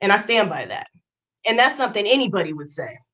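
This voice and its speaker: A woman's voice: medium pitch, very animated, fast, a bit bright. A young adult woman on a livestream, ranting in a heated, profane way and repeating lines for emphasis. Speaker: YouTube streamer.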